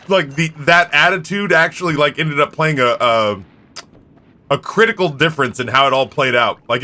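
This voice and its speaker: A man's voice: fairly high pitch, pushed and bright. A man streaming live, telling stories in a rambling, candid way. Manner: rambling, candid storytelling with quick impressions. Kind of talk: casual chat.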